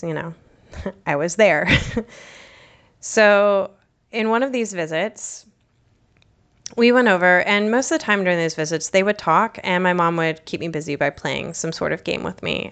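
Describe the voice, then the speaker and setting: A woman's voice: lowish voice, a bit bright, smooth. A young adult woman from the United States, hosting a podcast and telling a personal story in a reflective, candid way with casual fillers. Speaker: podcast host.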